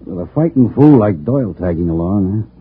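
A man playing a blunt, grim male crook in a 1940s radio drama, curt, with a raspy voice. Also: low voice, expressive, normal speed, full character voice. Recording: tinny old radio broadcast.

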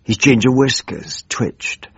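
An older man with a husky drawl, playing a weary, pompous member of parliament in a radio comedy monologue. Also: mid-range voice, takes it slowly, dry recording, exaggerated voice. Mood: weary grumbling. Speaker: weary elderly backbench politician narrating his woes. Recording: muffled dry radio recording.

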